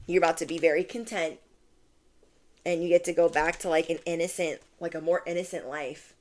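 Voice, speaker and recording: A woman's voice: lowish voice, steady tone, brisk, background noise. A young adult woman giving a casual tarot reading to her viewers, gushing and chatty, full of "like" and "oh my gosh". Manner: bubbly, gushing, many "like"s and "oh my gosh". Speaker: tarot reader.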